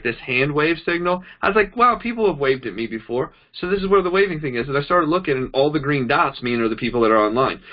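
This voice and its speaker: Slightly high-pitched and recorded with lo-fi sound, this man leads a relaxed network marketing training session indoors, demonstrating on a phone. He tells his stories in an animated, chatty way, voicing both sides of each conversation.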